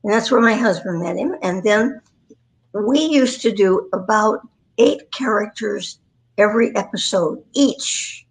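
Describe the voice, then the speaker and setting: A woman's voice: mid-range voice, a little slow, rough recording. A woman in her nineties, a voice performer, telling rambling anecdotes with self-deprecating humor in a chatty interview. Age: 90s. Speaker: guest, voice performer.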